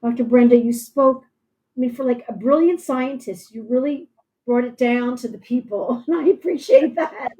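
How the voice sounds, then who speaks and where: A woman's voice: a little high, moderate pace, warm tone, poor audio. A woman hosting a live-streamed interview, talking in a reassuring, encouraging way with some restarts. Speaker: podcast host.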